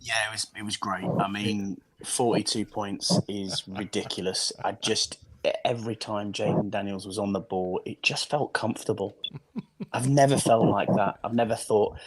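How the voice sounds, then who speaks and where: A man from England joining a podcast from home late at night, speaking quietly. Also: fairly low pitch, fairly even intonation, normal speed, slight background noise, rough recording. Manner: quiet, subdued. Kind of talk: casual podcast chat.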